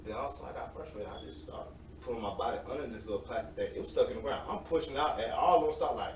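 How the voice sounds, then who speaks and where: A man in his late twenties, an interview guest, telling animated, slangy stories and laughing often. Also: medium pitch, rapid-fire. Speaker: interview guest, semi-pro football player. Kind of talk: casual storytelling. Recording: roomy, distant mic with faint noise.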